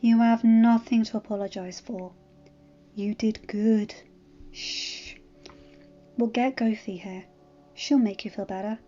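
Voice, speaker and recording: A woman voicing a caring young man who soothes an injured dragon softly in a storybook reading. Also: on the high side, steady tone, a little slow, highs cut off, faint music behind, lightly acted. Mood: soothing. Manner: soft, soothing.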